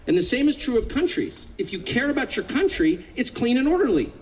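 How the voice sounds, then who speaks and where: A man's voice: high voice, animated, fairly quick, few pauses, a little mellow, poor audio. A man in his fifties from California giving a political speech to a live audience, sarcastic and mocking, building to indignant outbursts. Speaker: public speaker.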